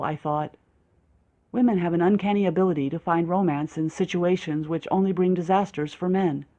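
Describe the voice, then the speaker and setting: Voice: medium pitch, steady tone, normal speed, warm tone, muffled recording. An audiobook reader narrating in the first person with a dry, sarcastic, self-mocking manner.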